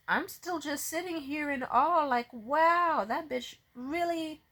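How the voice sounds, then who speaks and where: A young woman venting to her camera in a fast, profane, exasperated rant, often stopping and restarting her sentences. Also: sits high, animated, a bit bright, poor audio. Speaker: vlogger. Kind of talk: profane ranting vent. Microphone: facing a camera.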